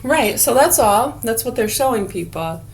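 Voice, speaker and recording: A woman's voice: fairly high pitch, expressive, moderate pace, slight background noise. A woman vlogging straight to camera in a blunt, profane rant with rambling casual asides.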